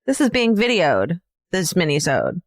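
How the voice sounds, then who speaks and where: A woman co-hosting a podcast in casual chat, with quick reactions and playful banter. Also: fairly low pitch, wildly swooping pitch, no echo, studio quality. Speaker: podcast co-host.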